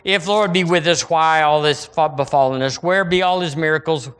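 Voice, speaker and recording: A man's voice: fairly high pitch, normal speed, a bit bright, smooth. A man voicing a despairing ancient Israelite who complains that God has abandoned his people. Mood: complaining.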